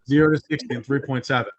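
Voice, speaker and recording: A man's voice: mid-range voice, steady tone, fairly quick, dull audio, over a noisy crowd. A man in his thirties co-hosting a sports podcast, ranting heatedly with lots of swearing and restarts. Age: 30s. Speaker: podcast co-host. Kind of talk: casual sports talk.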